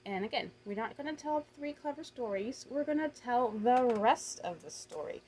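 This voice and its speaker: A woman's voice: fairly high pitch, animated, normal speed, darkish tone, a little hiss or hum, rough recording. A woman explaining communication techniques from a book in a casual, conversational way, often correcting herself. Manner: conversational, self-correcting, frequent fillers. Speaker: presenter summarizing a communication book.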